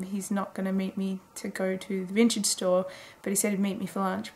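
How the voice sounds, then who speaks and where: A woman in her twenties rambling casually through a late-night video diary, chatty and full of fillers. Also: mid-range voice. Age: 20s. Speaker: daily vlogger.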